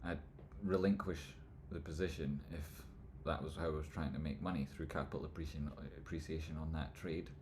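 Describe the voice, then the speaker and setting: A man hosting a live stream, answering chat questions in rambling talk that trails off into mumbles and jumps to loud jokey bursts. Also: a bass voice, fairly even intonation, brisk, few pauses, a little hiss or hum. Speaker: livestream host answering chat. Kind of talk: casual live chat, stock chart commentary.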